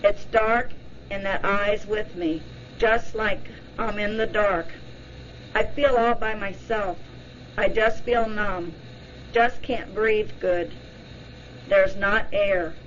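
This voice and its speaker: A woman voicing a frightened woman recalling a strange light, halting and dazed. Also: medium pitch, fairly even intonation, lo-fi sound, a little hiss or hum, lightly acted. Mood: dazed fear.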